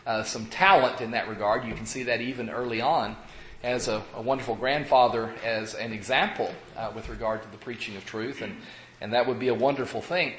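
A man's voice: mid-range voice, fairly bright tone, reverberant. Man in his fifties preaching with a cold. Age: 50s. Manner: halting, many fillers and restarts, folksy. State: recovering from a cold, talking around a cough drop. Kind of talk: evening sermon to a congregation. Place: church sanctuary. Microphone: pulpit microphone.

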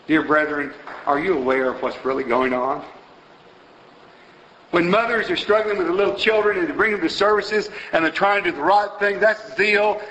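A man preaching in a church auditorium, his bright, fairly high voice pressing the congregation with question after question. It rings out in a roomy hall with a long reverb, caught from a distance. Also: a little hiss or hum. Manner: exhorting, rhetorical questions, rising to emphatic peaks. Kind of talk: sermon with invitation.

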